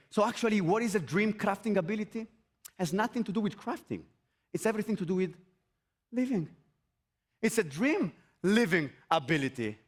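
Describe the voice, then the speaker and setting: A man gives an energetic motivational talk on an event stage, repeating his points and firing rhetorical questions at the audience. His voice sits high, and its pitch swoops in a lively way. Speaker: motivational speaker.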